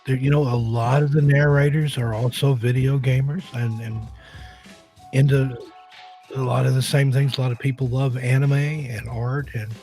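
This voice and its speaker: A man's voice: medium pitch, steady tone, normal speed, dark tone. Man, show host, scratchy throat, easygoing, rambling, faint music behind. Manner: easygoing, joking, rambling with restarts. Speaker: podcast host. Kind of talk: casual live-stream chat.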